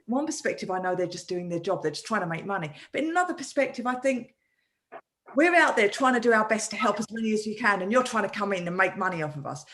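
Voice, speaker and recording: A woman hosting a live online talk as a coach, animated and often restarting her sentences over a video call. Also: fairly high pitch. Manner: animated, with many repeated restarts. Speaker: host and coach.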